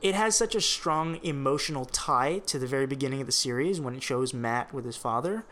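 A man chatting casually as a podcast co-host, animated and swearing freely while he reviews a show. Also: mid-range voice, a little fast.

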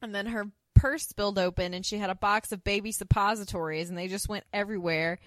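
Podcast co-host, woman, mid pitch, lively recap storyteller, dry close mic. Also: fast, dry recording. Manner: animated storyteller, laughs often. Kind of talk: casual episode recap chat.

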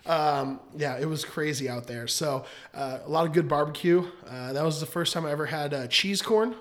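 A man's voice: fairly high pitch, normal speed. A man in his thirties, a podcast guest, telling long casual stories and laughing often. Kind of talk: casual chat, storytelling.

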